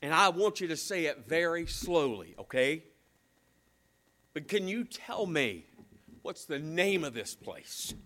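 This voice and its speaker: A man's voice: a little high, very animated, unhurried, bright, forceful tone, exaggerated voice. A man voicing a know-it-all father who talks down to a teenage cashier in a joke. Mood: bossy. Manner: bossy and condescending. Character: know-it-all dad on a road trip.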